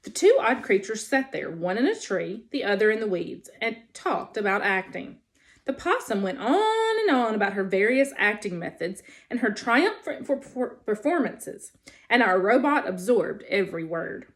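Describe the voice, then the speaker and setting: A woman teacher reading a children's novel aloud in an expressive storytelling style. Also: medium pitch, moderate pace.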